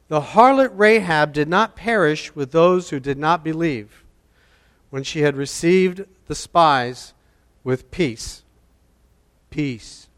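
A man preaching a sermon, deliberate in delivery and repeating key phrases for emphasis. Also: fairly high pitch, big-room sound.

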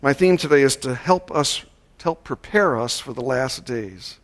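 A male pastor delivering a sermon at a church service, measured and slowing down to stress key words. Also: medium pitch, lively intonation, fairly bright tone.

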